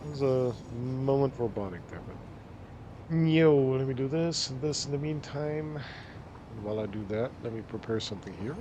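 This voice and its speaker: Chatty male streamer over game noise. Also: mid-range voice. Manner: chatty, quick asides. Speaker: streamer host. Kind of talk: casual gaming chat. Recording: game sounds under voice.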